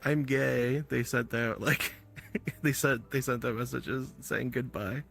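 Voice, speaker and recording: A man's voice: mid-range voice, steady tone, takes it slowly, vocal fry, a bit bright. A man in casual chat on a stream, laughing often and swearing casually.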